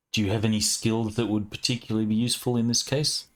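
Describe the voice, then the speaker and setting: A man narrating as game master of a tabletop role-playing game, relaxed, with many fillers. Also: on the low side, fast talker.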